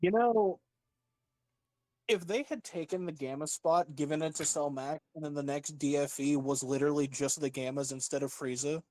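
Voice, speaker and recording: A man's voice: fairly high pitch, normal speed, darkish tone, dry recording. A man co-hosting a casual gaming chat, making rambling arguments full of fillers.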